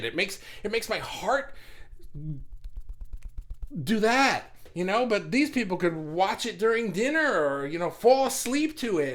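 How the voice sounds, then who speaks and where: A man hosting a casual spiritual talk, rambling and animated, laughing and sighing often. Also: sits high, moderate pace. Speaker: spiritual channel host.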